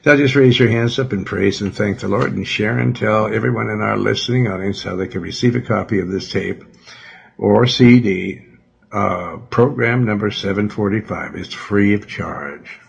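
A man's voice: lowish voice, normal speed, creaky, breathy edge, muffled recording. A man, a pastor, leading a prayer and closing a radio sermon with fervent, earnest repetition.

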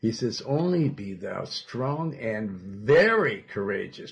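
A man preaching a sermon as pastor, quoting scripture in old-fashioned wording, with sudden loud emphatic bursts. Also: lowish voice, sing-song, unhurried, vocal fry, few pauses.

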